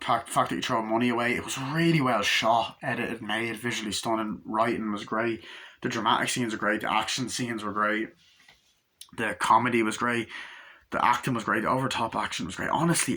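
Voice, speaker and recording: A man's voice: on the low side, bright, forceful tone, husky. A man giving a rambling, casual film review at home, acting out lines from the movie with plenty of swearing.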